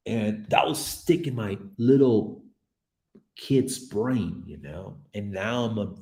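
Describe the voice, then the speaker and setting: A man in his forties chatting casually on a livestream from his office, excitable and rambling, swinging between loud bursts and hushed asides. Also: on the low side, slow pace, reverberant. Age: 40s. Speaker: livestreaming artist. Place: office room.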